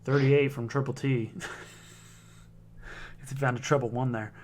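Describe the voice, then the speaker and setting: A man's voice: medium pitch, steady tone, a little slow, darkish tone, slight background noise. A man giving casual play-by-play commentary on a darts league, chatty, reading out scores and viewer comments.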